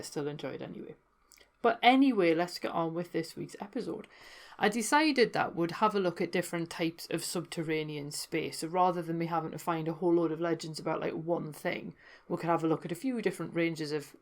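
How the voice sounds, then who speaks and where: A woman hosting a folklore podcast, telling legends in a chatty way with wry asides. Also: low-pitched. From North East England. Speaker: podcast host. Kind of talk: casual folklore storytelling.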